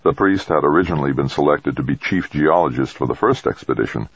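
A man reading an audiobook in a measured, even storytelling manner. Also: extremely low pitch, vocal fry, slightly rough, dry recording, lo-fi sound. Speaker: audiobook narrator. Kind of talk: scripted narration.

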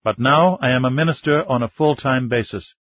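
Calm formal minister in his 50s, read by a man, husky mid voice, dull dry sound. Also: mid-range voice, brisk, no room sound, lightly acted. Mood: measured. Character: dignified male Chinese Baptist minister in his fifties, calm.

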